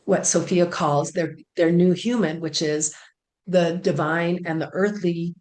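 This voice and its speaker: Earnest low-voiced woman in an echoey room. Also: fairly even intonation, measured pace. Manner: earnest, soft, with fillers and repeated phrases. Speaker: spiritual channeler. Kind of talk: casual spiritual talk relaying channeled messages.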